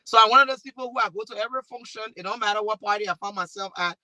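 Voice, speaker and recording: A woman with a Liberian accent, speaking on a discussion panel and telling stories in a lively way with many restarts. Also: medium pitch, very fast, no echo, low-quality recording. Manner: animated storytelling with restarts. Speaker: talk show host and panelist.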